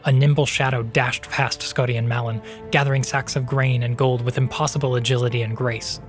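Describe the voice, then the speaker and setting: A man narrating a fantasy story as the podcast's host, in even, measured storytelling. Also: medium pitch, soft background music. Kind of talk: scripted audiobook narration.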